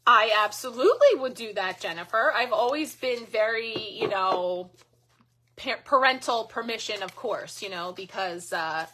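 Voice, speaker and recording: A woman's voice: on the high side, lively intonation, unhurried, bright, forceful tone, slight background noise. A middle-aged woman hosting a live card reading, chatting casually and thanking viewers by name. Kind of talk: casual live-stream chat.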